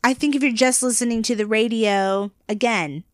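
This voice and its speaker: A woman's voice: fairly high pitch, steady tone, normal speed, no echo, clean studio sound. A woman from the United States co-hosting a podcast in casual chat, laughing often and restarting her sentences. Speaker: podcast co-host.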